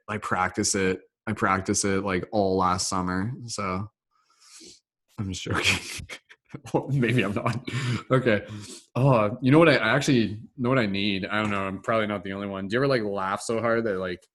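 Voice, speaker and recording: A man hosts a casual online laughter meditation, talking upbeat and rambling with plenty of "like" fillers. His voice sits a little low. He is heard over a video call. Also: a bit bright. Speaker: host, laughter meditation facilitator. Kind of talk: casual online group session.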